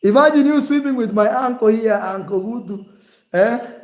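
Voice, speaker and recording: A man talking casually and teasingly in a vlog, animated and jokey. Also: extremely high pitch, normal speed. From Kenya. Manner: animated, teasing, shifts to mock accents. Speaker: vlogger.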